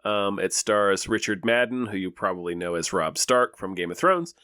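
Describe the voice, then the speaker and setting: A man's voice: fairly low pitch, lively intonation, moderate pace, bright, forceful tone, dry recording, clean studio sound. A man co-hosting a podcast, chatting casually about new movies with a rambling, exasperated manner. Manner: rambling, restarts, exasperated jokes. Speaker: podcast co-host.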